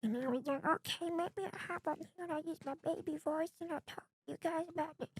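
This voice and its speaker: A man putting on a whiny baby voice with squeaky, babyish talk. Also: quick pace, no room sound. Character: whiny baby talking about potty accidents.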